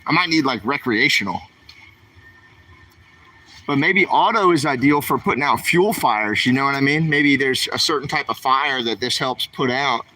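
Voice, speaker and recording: A man's voice: mid-range voice, moderate pace, hardly any pauses, bright, forceful tone. Chatty man shopping on a livestream. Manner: chatty, asks his viewers questions. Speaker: vlogger. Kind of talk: livestream vlog while shopping. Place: store aisles.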